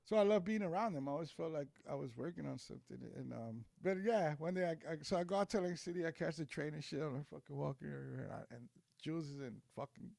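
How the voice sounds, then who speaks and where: A man's voice: fairly high pitch, fast, vocal fry, few pauses, a little mellow, dry recording. A middle-aged man chatting as a podcast guest, telling a rambling story full of slang and swearing. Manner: slangy, profane, rambling with frequent "like" and "bro". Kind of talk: casual storytelling chat.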